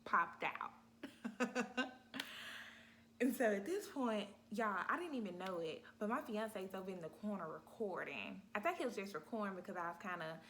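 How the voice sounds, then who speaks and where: Woman vlogger, casual animated storyteller, middle-pitched voice, faint noise behind, talks straight to camera. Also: normal speed. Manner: animated, talks straight to viewers, acts out her own cries. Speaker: vlogger telling her birth story.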